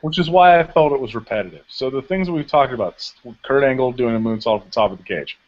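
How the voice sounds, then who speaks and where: A man co-hosting a casual podcast, retelling events with lively, acted-out quotes. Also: quick pace. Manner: animated storyteller, acts out quotes in high voices. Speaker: podcast co-host recapping wrestling. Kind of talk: casual chat. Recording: dull lo-fi podcast audio.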